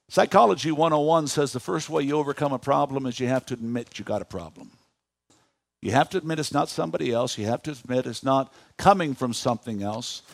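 A man in his fifties preaching a sermon in a church, animated, asking the congregation questions. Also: medium pitch, creaky, dry recording. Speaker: pastor.

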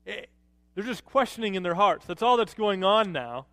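A man preaching a sermon as a pastor, animated, rising to emphatic peaks and dropping low to quote. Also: normal speed, no room sound, long reverb tail.

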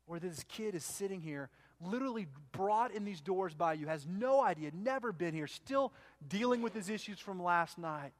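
A man preaching in a church, speaking in a fairly high voice. He talks casually, restarting sentences and acting out both sides of a conversation as he tells the story. It sounds like plain sermon storytelling. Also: lively intonation, normal speed, hardly any pauses. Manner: conversational, restarts and quotes himself. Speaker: pastor.

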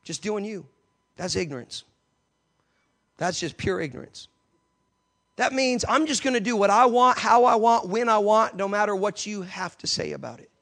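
A man with a high-pitched voice delivers a passionate sermon from the pulpit of a church. He swings between soft, confiding stretches and sudden loud bursts. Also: lively intonation, normal speed, creaky, long pauses. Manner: passionate preaching with sudden loud outbursts and acted quotes. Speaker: pastor.

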